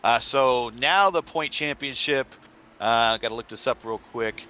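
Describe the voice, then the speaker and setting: A man giving color commentary on a sim race, analytical and halting, with frequent uhs. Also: medium pitch, bright, forceful tone, clean tone, muffled recording. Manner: analytical, hesitant, many uhs. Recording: noisy voice chat line.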